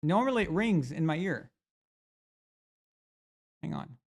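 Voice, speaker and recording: A man's voice: on the high side, very animated, slow pace, gravelly. A man hosting a live sports reaction stream, talking casually and animatedly. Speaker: sports show host.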